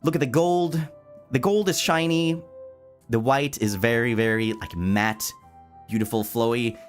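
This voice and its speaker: A man chatting casually on a livestream, playful and animated, reading chat aloud and answering it, laughing often and tripping over words when excited. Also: medium pitch, unhurried, faint music behind. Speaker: streamer.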